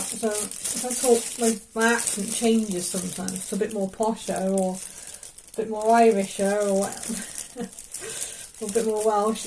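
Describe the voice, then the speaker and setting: A woman's voice: mid-range voice, a little mellow, a little hiss or hum, poor audio. A woman chatting casually as she films a cooking video in her home kitchen, rambling into self-deprecating asides. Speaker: vlogger.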